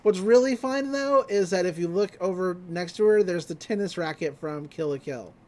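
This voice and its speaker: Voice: medium pitch, normal speed, a little mellow. Rambling podcast host recapping an anime. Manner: rambling, profane, frequent fillers. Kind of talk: casual recap of an anime episode.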